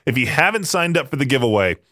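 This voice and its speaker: A young man from Idaho talks casually as a radio DJ, rambling from one thought to the next and laughing often. His voice sits at an ordinary middle pitch, and the studio sound is dry and close. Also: sing-song, quick pace, bright, forceful tone, no room sound. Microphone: studio microphone.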